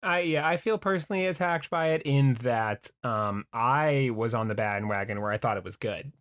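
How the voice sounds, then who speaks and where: A man co-hosting a podcast, his casual talk halting and full of stumbling restarts. His voice is at an ordinary male pitch. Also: a bit bright. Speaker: podcast co-host. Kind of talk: casual chat.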